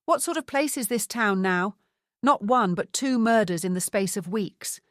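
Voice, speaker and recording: A woman voicing a haughty, imperious aristocratic lady ghost who speaks briskly and disapprovingly in an audiobook. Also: medium pitch, animated, no room sound, clean studio sound, natural voice. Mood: indignant.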